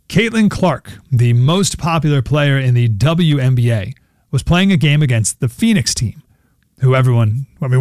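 A man reads the news headlines on the radio, brisk and conversational, tossing in quick asides. His voice sounds dry and close, with no room around it. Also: medium pitch, darkish tone, dry recording. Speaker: news anchor.

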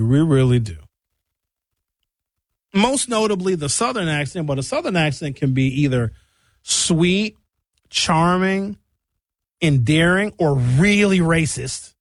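A man's voice: on the high side, no room sound, studio quality. A man from Milwaukee telling a political story in a casual, comedic commentary style, acting out voices and drawing out words for emphasis. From Wisconsin, Milwaukee. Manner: animated storytelling, acts out voices, emphatic slowdowns.

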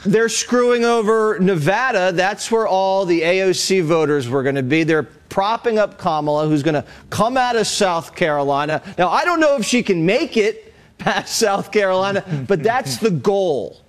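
A man's voice: sits high, expressive, normal speed. A man hosting a talk show who talks about politics in a blunt, emphatic way. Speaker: host. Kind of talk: casual political banter.

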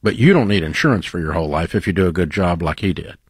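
A man's voice: low voice, expressive, fast, slightly rough, no room sound, clean studio sound. A man hosting a call-in advice radio show, questioning callers bluntly with teasing humor. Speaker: radio talk show host.

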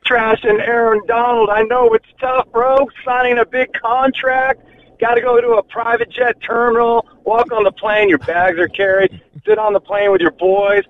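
A man's voice: high-pitched, steady tone, moderate pace. A man calling in to a radio show with a mocking, sarcastic rant. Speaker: caller. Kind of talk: call-in rant. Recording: tinny phone line.

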